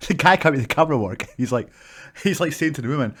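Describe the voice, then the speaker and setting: A man's voice: fairly high pitch, expressive, moderate pace, pauses often, fairly bright tone. A Scottish man, a wrestler, telling stories to camera in a casual vlog, swearing freely and acting out the people in them. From Scotland.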